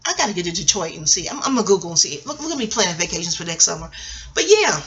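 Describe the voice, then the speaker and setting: A woman's voice: fairly low pitch, very animated, rapid-fire, fairly bright tone, muffled recording. A middle-aged American woman vlogging in a scattered, rambling way, jumping between tangents and swearing freely. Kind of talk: casual rambling commentary.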